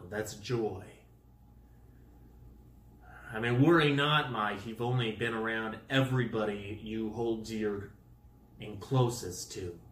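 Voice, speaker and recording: A man rambling through a goofy comic monologue full of wordplay, swinging into loud exasperation. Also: medium pitch, echoey room.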